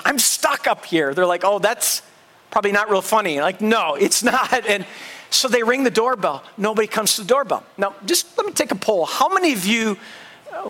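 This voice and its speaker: A man, a pastor, telling a personal story in a sermon and acting out his own thoughts with animated energy. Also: sits high.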